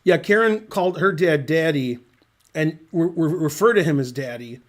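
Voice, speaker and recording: A middle-aged man with a slightly higher-than-usual voice, casually commentating a chess game. He drifts into long, dry, rambling digressions. His delivery is loose, offhand and conversational. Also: lively intonation, normal speed.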